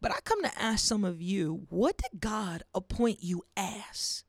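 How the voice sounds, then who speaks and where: A woman hosts a faith podcast in an earnest preaching manner, her voice carrying a gravelly edge. She leans into hushed, almost whispered emphasis on key points. The recording is dry and close, with no room sound. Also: medium pitch, big pitch swings, a little slow, no echo. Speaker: podcast host. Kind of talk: faith-based podcast monologue.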